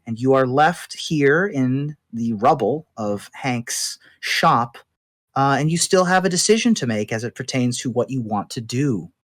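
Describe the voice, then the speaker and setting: A woman narrating as game master in a tabletop game, playful and animated with her players. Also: a bass voice.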